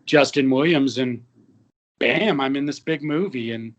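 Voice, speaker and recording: A man in his fifties, an actor and musician, telling lively anecdotes with quoted dialogue in a casual interview. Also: mid-range voice, a little slow.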